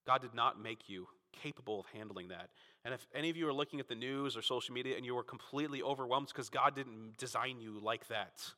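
A man from Florida preaching a Sunday sermon as pastor, emphatic and fervent, swinging between loud peaks and quiet asides. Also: quick pace, big-room sound. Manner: emphatic, rising to fervent peaks then dropping low.

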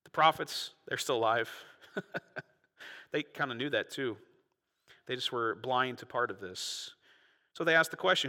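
Bright-voiced male pastor preaching. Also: mid-range voice, a little fast, big-room sound. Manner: dynamic preaching, soft asides then loud bursts. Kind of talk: sermon.

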